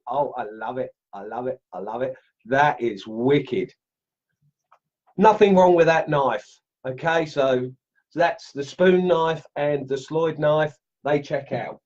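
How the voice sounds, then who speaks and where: A middle-aged Australian man hosting a casual woodcarving livestream from his home workshop, chatty and excitable, laughing as he tests knives and greets viewers. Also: medium pitch, slow pace, muffled recording. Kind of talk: casual live-stream chat, unboxing and testing knives.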